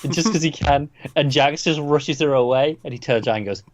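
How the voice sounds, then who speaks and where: A man co-hosting a podcast, chatting casually about TV episodes and throwing in quick joking asides. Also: a little high. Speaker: podcast co-host. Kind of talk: casual chat reviewing TV episodes.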